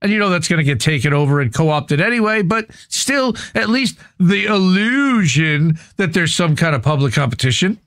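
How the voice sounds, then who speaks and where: A male podcast host with a somewhat high voice, recorded close and dry with no room sound. He reads passages aloud and then talks back to them bluntly, with casual swearing and a confident, opinionated edge. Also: expressive, moderate pace, few pauses, fairly bright tone, dry recording. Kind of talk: reading an article aloud with running commentary.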